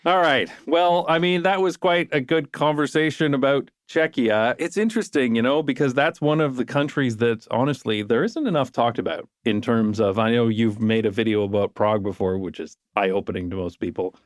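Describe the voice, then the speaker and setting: A man's voice: mid-range voice, normal speed, hardly any pauses, dry recording, studio quality. A man hosting a podcast, chatting in an easygoing way and wrapping up the episode. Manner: easygoing, wraps up the show. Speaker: podcast host. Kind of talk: casual podcast conversation and outro.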